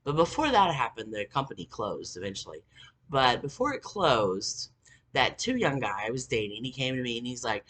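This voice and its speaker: A woman vlogger telling a rambling, profanity-laced story in casual talk, getting animated when worked up. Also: very deep voice, a little slow, pauses often.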